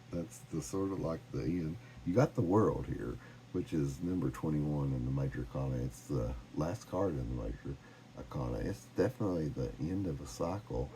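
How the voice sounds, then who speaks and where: Man, tarot reader, very deep voice, warm mellow tone, gentle encouraging manner, faint background noise. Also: poor audio. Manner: gentle, encouraging, reads cards aloud with laughs. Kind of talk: casual tarot reading.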